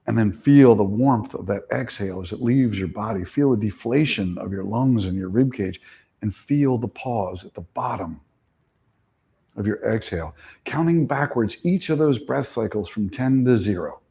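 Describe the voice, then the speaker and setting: A man leads a yoga class through final relaxation, his voice mellow and a little breathy. He gives slow, soothing breathing cues that fade softly at the ends of phrases. The live stream sounds dull and lo-fi. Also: on the low side, lively intonation. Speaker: yoga instructor. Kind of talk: guided relaxation instruction.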